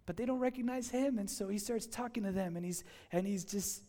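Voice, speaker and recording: A male pastor giving a sermon, telling a story with lively voiced dialogue. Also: high voice, a little fast, few pauses. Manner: animated storytelling, acting out dialogue.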